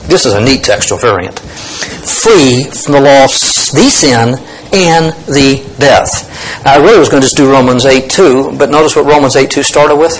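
A man's voice: mid-range voice, moderate pace, slight background noise, rough recording. A man teaching a Bible lesson, explaining Greek words emphatically and thinking aloud with restarts.

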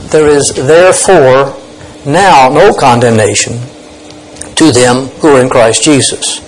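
A man's voice: mid-range voice, a little hiss or hum, low-quality recording. A man teaching a Bible lesson, explaining Greek words emphatically and thinking aloud with restarts.

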